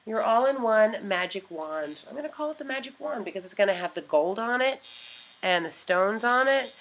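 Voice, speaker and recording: A woman's voice: mid-range voice, lively intonation, moderate pace, fairly bright tone, poor audio. Rambling, chatty woman vlogger. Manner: rambling, chatty, trails off and restarts often. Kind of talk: casual chat reviewing beauty gadgets.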